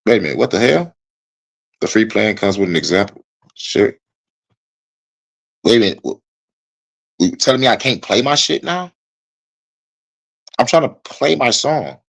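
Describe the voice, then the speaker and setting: Profane, animated male podcast host ranting. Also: normal speed, creaky, long pauses. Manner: profane, animated, frustrated venting with swings in pitch and loudness. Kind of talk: casual live-stream rant.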